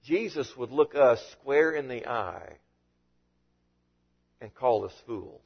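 A man preaching a sermon as a pastor, with animated delivery and frequent rhetorical questions. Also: medium pitch, takes it slowly, vocal fry, lo-fi sound.

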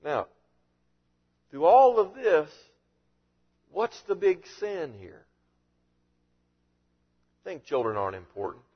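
A man preaching a sermon as a pastor, with animated delivery and frequent rhetorical questions. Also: a little high, slow, long pauses, breathy edge, muffled recording.

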